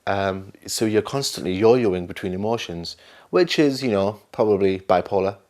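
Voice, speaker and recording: A man with a Northern English accent, an actor talking candidly in an interview, animated and self-mocking. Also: on the low side, normal speed. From north of England. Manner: animated, self-mocking, acts out other voices.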